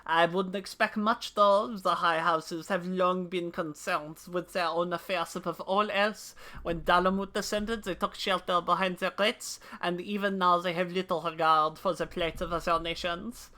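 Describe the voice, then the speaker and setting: A woman voicing a gruff old male soldier with a put-on accent mixing German and French. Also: lowish voice, steady tone, moderate pace, hardly any pauses, bright, forceful tone. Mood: solemn. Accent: mock German-French mix. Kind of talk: voicing game dialogue while streaming.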